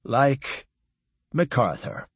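A man voicing a sad, shaken male official answering quietly. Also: medium pitch, expressive, normal speed, dry recording, natural voice.

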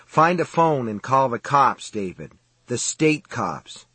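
A man reading the part of a desperate father, shouting hoarse with tears and anxiety. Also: mid-range voice, very animated, slow pace, dry recording, full character voice. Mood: urgent. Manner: urgent pleading shouts.

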